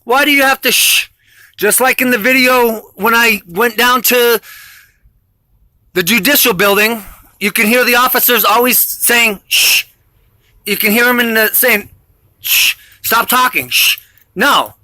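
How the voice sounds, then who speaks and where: Vlogger, male, high and bright voice, defiant and rambling, intense delivery. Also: steady tone, moderate pace. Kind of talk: rambling monologue to camera.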